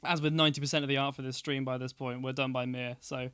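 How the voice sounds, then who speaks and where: A man's voice: mid-range voice, flat delivery, fast, fairly bright tone, clear, resonant tone. A man narrating as game master, rambling with many fillers and restarts.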